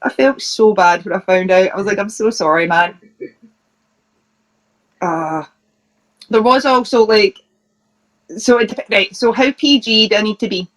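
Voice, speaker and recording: A woman's voice: mid-range voice, normal speed. Chatty Scottish woman telling funny stories. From Scotland. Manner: chatty, laughing, restarts and fillers while telling funny stories. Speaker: professional wrestler, interview guest. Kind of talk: casual anecdote telling.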